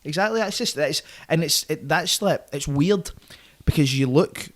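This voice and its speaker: Brash Glaswegian man, high-pitched storyteller. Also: moderate pace. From Scotland. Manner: profane, vivid storyteller, constant "right?" and "mate". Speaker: podcast guest. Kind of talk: casual storytelling chat.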